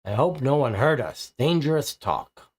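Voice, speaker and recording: Man reading the lines of a grumpy old sea quartermaster, gruff, dismissive, board game character, mid-pitched voice. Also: lively intonation, a little slow. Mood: hushed. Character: grumpy old male ship's quartermaster, scornful.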